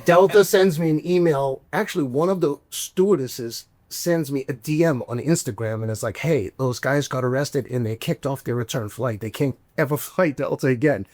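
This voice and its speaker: A man hosting a podcast, telling a story in a casual, animated way, swearing and acting out the voices he quotes. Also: medium pitch, moderate pace, hardly any pauses, no echo. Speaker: podcast host.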